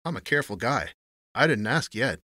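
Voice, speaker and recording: A man's voice: medium pitch, lively intonation, brisk, sharp tone, no echo, clean studio sound, pitched above the performer's own voice. A man voicing a wary, sardonic gangster in an audiobook, with clipped, snarling tough-guy talk. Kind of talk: audiobook reading.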